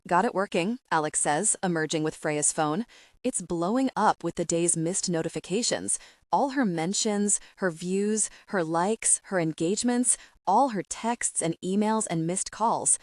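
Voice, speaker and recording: A woman's voice: on the low side, a little slow, a little mellow, no room sound. Woman narrating an audiobook, dry booth. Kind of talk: scripted narration.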